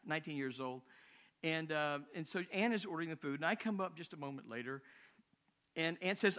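Older guy preaching, kinda high voice, chatty and wanders off into asides. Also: expressive, brisk, pushed and bright. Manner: conversational, rambling with asides. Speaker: missionary preacher. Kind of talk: sermon.

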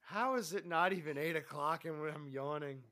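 A man's voice: a little high, moderate pace, pushed and bright. A man co-hosting a podcast in casual chat, wry and teasing, joking and sighing in reaction. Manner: wry and teasing, sighs and jokes. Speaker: podcast co-host.

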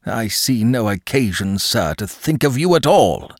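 A man's voice: lowish voice, sing-song, a little slow, no room sound, clean studio sound, exaggerated voice. A man doing a harsh, curt old nobleman. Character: stern angry older male uncle, a nobleman.

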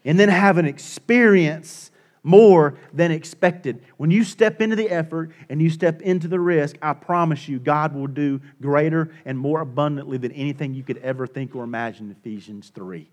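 A middle-aged male pastor preaching a sermon, swinging between hushed and loud and repeating his points for emphasis. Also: fairly high pitch, fairly quick, hardly any pauses.

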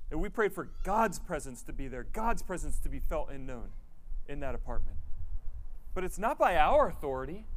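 Earnest, fairly high-voiced male preacher. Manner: earnest, animated, acts out quoted speech. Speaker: missionary guest speaker at a church. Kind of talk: sermon with personal storytelling.

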